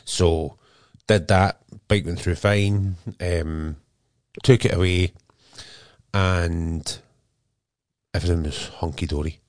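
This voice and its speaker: A man's voice: sits low, steady tone, slow pace, pauses often, darkish tone, no echo, studio quality. A man with a Scottish accent co-hosting a podcast in an easygoing casual chat, full of "um". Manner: easygoing, peppered with "um". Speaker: podcast co-host.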